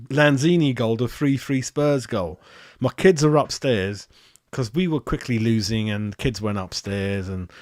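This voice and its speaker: A man hosting a live fan reaction chat, excitable and matey, greeting viewers by name. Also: medium pitch, no echo, studio quality. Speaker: fan channel host.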